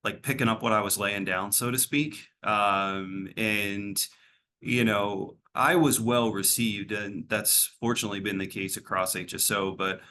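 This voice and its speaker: A man's voice: fairly low pitch, steady tone, measured pace, bright, forceful tone, a little hiss or hum. A man working as a behavioral health clinician, answering interview questions in a rambling, casual way, full of fillers and restarts.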